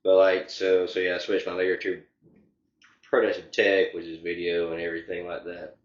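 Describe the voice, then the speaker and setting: A man's voice: sits low, level tone, moderate pace, roomy sound, dull audio. A young man, answering interview questions casually with many filler words. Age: young adult. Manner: rambling, heavy filler words. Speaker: interview guest.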